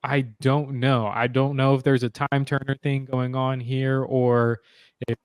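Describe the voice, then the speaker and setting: A man's voice: mid-range voice, flat delivery, unhurried, smooth, no room sound, clean studio sound. A man in casual chat, hesitant and teasing, thinking aloud about a story.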